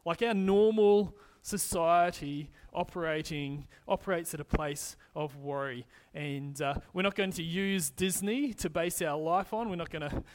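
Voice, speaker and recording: A man's voice: fairly high pitch, a little slow, few pauses. A man as pastor giving a conversational sermon, often restarting his phrases as he explains scripture.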